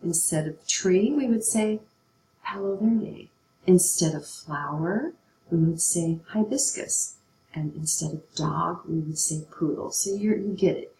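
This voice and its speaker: A woman's voice: fairly low pitch, unhurried, dark tone, roomy sound, a little hiss or hum, rough recording. A middle-aged woman teaching a writing lesson, patient and checking in often with her students. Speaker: English teacher.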